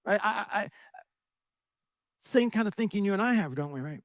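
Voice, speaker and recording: A man's voice: high voice, lively intonation, normal speed, long pauses, no echo, studio quality. A middle-aged male pastor preaching a sermon, asking rhetorical questions and often adding "right?".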